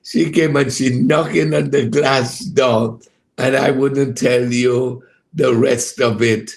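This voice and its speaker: Male ministry host, unhurried delivery with a gravelly edge; chatty and hesitant, addresses listeners by name. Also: medium pitch, steady tone. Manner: hesitant, many fillers, greets listeners by name, laughs heartily. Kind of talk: casual devotional broadcast chat. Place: home studio room.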